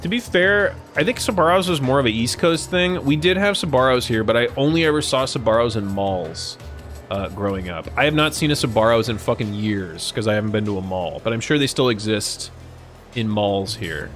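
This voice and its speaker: A man's voice: medium pitch, expressive, moderate pace, a bit bright, soft background music. A young man chatting casually and profanely with his live-stream chat, rambling and joking. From United States.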